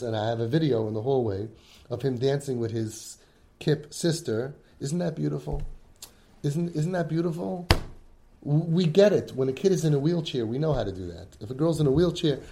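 This group leader's dark, gravelly mid-range voice moves a little fast as he speaks with passion to a sibling support group. Emphatic throughout, he dramatizes children's pleas and weaves in Yiddish and Hebrew terms.

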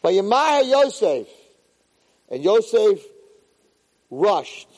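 Male Torah teacher, husky voice, animated and repetitive, reverberant hall. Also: high voice, extremely slow. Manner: animated, repeats phrases for emphasis, Hebrew terms mixed in. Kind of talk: Torah class on the weekly portion.

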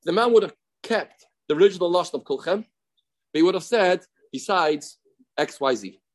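A man's voice: sits high, expressive, normal speed, darkish tone, rough recording. A man teaching a daily Talmud lesson, explaining the text, acting out its cases and repeating key phrases for emphasis.

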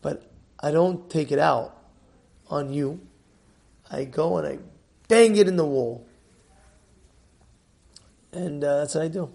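A man acting out a patient, hurt wife in a teaching story, speaking low and subdued. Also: slow, vocal fry, pauses often, darkish tone. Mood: hurt, calm. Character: hurt but patient wife, middle-aged woman.

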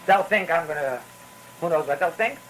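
A man with a slightly high, fairly bright voice speaks at a normal speed in an animated way, giving a rambling, storytelling Torah talk with repetitive restarts and Yiddish phrases. The recording is rough, with slight background noise.

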